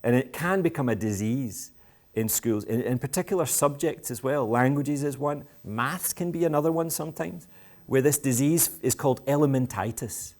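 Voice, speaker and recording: Talking to school parents at a live school event, this Scottish education speaker is playful and provocative and happily mocks himself. He has a medium-pitched, slightly mellow voice and keeps a moderate pace with hardly any pauses.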